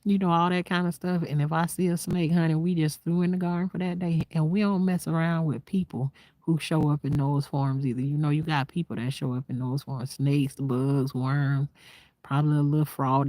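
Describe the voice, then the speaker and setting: A woman vlogger talking casually and reflectively to her viewers, soft-spoken and half-whispering, sitting outdoors at night in the quiet countryside. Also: sits low, steady tone, fairly quick, dry recording. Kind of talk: casual heartfelt talk to viewers.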